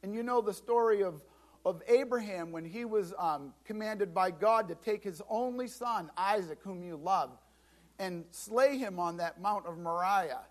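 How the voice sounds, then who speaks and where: A man preaching a sermon as pastor, lively and dramatic, acting out scripture scenes and often repeating words as he restarts. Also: high voice, measured pace. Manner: animated preaching, acts out Bible scenes.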